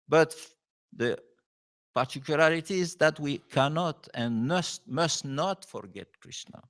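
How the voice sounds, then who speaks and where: A visiting spiritual teacher, a man, gives a devotional lecture in non-native English, pausing often and checking in with "huh?". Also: on the high side, a bit bright. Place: temple hall.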